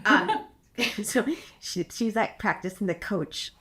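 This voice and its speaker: A middle-aged woman with a Californian accent, co-hosting a casual podcast chat and telling animated stories about her kids, acting out the quotes in them. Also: slow. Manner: animated storyteller, acts out quotes in a high voice and laughs often. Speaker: podcast co-host.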